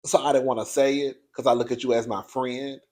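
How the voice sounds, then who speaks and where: A man hosting his own video show, giving a blunt, profane, animated commentary straight to his viewers. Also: medium pitch, fairly quick. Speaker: online show host reviewing reality TV.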